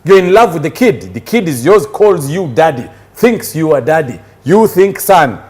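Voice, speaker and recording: A Ugandan man co-hosts a casual chat show in a fairly high voice. He teases and argues, laughing often, and his pitch swings widely as he makes his point. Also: big pitch swings, normal speed, darkish tone. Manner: teasing, argumentative, laughs often. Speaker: co-host. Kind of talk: casual bar-table chat.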